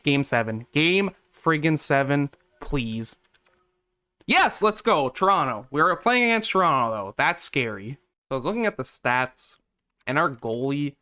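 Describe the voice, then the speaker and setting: Young male gaming commentator, smooth clear voice, mid pitch; exasperated, hopeful one moment and deflated the next. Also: a bit bright. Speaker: gaming YouTuber. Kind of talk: gameplay commentary.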